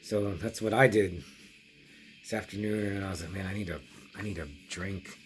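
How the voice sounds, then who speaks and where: This middle-aged man's voice is low-pitched with fairly even intonation, moving at a normal speed. He's casually rambling through a long story for his horror review vlog, restarting frequently and quoting asides, while music plays.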